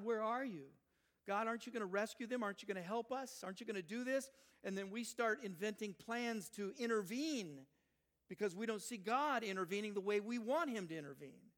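An older man, a grandfather, preaching a sermon; he speaks emphatically, rising loud when voicing people and dropping soft for reflective asides. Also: a little high. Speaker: pastor.

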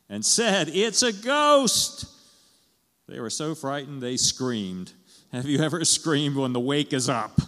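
Slow-speaking man preaching a sermon. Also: mid-range voice, long reverb tail. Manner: conversational, asks the congregation questions, chuckles. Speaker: pastor.

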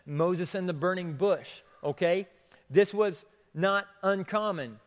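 A man preaching a sermon as pastor, repeating questions for emphasis and swinging between hushed and raised delivery. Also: fairly high pitch. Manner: repeats questions for emphasis, drops to near whisper then rises. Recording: long hall reverb.

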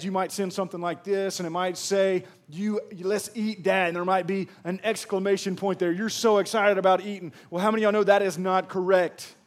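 A man from Mississippi with a Southern accent, a pastor preaching a sermon in a chatty, joking way and talking straight to the congregation. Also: high voice. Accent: Southern American. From Pearl, Mississippi. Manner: jokey, chatty, addresses the crowd directly.

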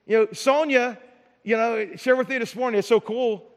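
With a very high, steady-toned voice and some vocal fry, a middle-aged pastor preaches at a moderate pace. His delivery feels like casual talk, with repeated words and frequent "right?" tags, heard in a reverberant large hall.

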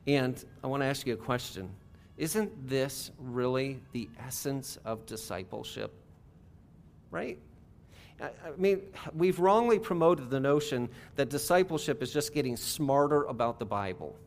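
A man's voice: medium pitch, expressive, unhurried, slight background noise. A middle-aged man preaching a sermon as pastor, in a conversational way with rhetorical asides and questions to the congregation.

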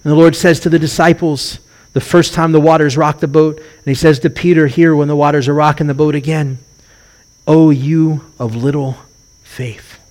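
A middle-aged man gives a sermon as a rabbi, his voice sitting a little high for a man. He tells stories with animated energy, slipping into the voices of the people he quotes. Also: fairly quick.

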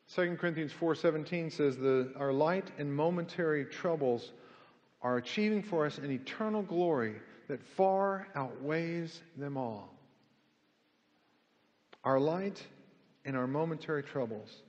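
A man preaching a sermon and leading a prayer, telling stories earnestly and moving between loud emphasis and hushed tones. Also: fairly high pitch, measured pace. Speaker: pastor. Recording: dull lo-fi sound with long hall reverb.

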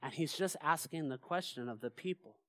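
Male pastor, lively sermon delivery, keeps quizzing the congregation; close, dry sound. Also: on the high side, brisk, dry recording. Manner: animated, asks the congregation rhetorical questions. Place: church sanctuary.

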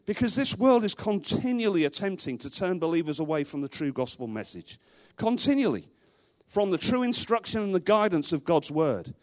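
A man's voice: high-pitched, big pitch swings, normal speed, few pauses, darkish tone. A male pastor preaching a sermon to a congregation in a church, emphatic, repeating rhetorical questions and dropping in dry humorous asides.

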